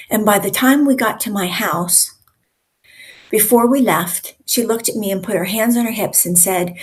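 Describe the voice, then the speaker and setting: Woman in her 60s, host and speaking coach, slow pace, deliberate pauses, conversational teaching. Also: medium pitch.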